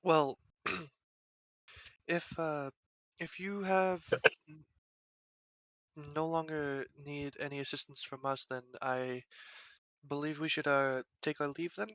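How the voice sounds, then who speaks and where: A man at a tabletop game speaks in character, formal and courteous, stumbling now and then. His voice is bright and fairly high. The sound is close and dry. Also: fairly even intonation, slow, long pauses, dry recording, lo-fi sound. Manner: polite, formal, slightly hesitant. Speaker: player.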